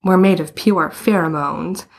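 A woman's voice: on the low side, a little slow, vocal fry, slightly rough, full character voice. A woman reading a cocky teen hockey boy. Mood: gleeful. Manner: gleeful, teasing.

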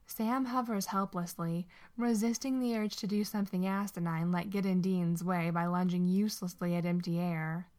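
A woman narrating a story aloud in an expressive, steady way. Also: on the low side, moderate pace, few pauses.

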